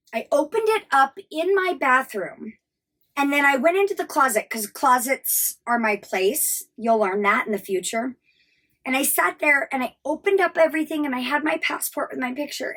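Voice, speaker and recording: A woman's voice: high-pitched, fairly bright tone. An American woman in her thirties telling a personal travel story, candid and emotional, swearing freely. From United States. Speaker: travel vlogger.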